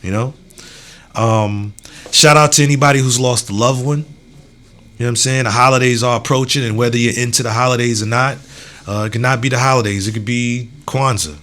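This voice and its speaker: Talking a little fast with fairly even intonation and a medium pitch, this young adult podcast host rambles loosely through a casual solo monologue. He swears freely, keeps saying "you know what I'm saying," and goes from heated to warm and encouraging.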